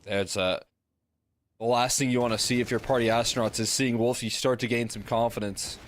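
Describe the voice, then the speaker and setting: A man giving relaxed, explanatory colour commentary on an esports match. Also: medium pitch, a little fast, a little hiss or hum.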